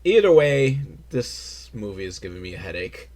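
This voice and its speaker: Animated crude comedic male podcaster. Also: lowish voice, normal speed. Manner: crude, rambling, self-mocking, with sudden loud outbursts. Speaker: podcast host reviewing a film. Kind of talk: casual comedic film recap.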